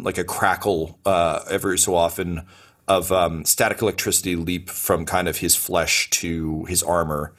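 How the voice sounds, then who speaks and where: A man's voice: low voice, a bit bright. A man narrating as game master in a tabletop role-playing game, rambling and filling his descriptions with fillers and restarts.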